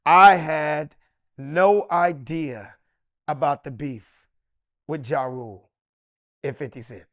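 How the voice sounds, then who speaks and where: Animated storytelling comedian, man in his fifties. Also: a little high, slow, long pauses, no echo, studio quality. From Los Angeles. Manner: lively, acts out quoted voices, slangy and emphatic. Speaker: comedian guest. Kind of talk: animated storytelling in a sit-down interview.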